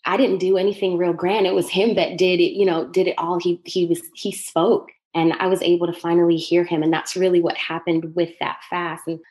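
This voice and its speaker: A woman's voice: lowish voice, little pitch movement, a little fast, hardly any pauses, a little mellow. A young woman from Jamaica with a Jamaican accent and a slight Southern drawl, sharing her faith testimony as a podcast guest and laughing often between phrases. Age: young adult.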